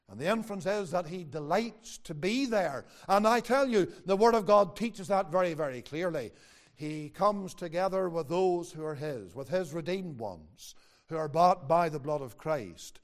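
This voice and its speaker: A man's voice: sits high, expressive, measured pace. A man preaching a sermon, earnest and emphatic, quoting Scripture at length. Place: home, away from the usual church.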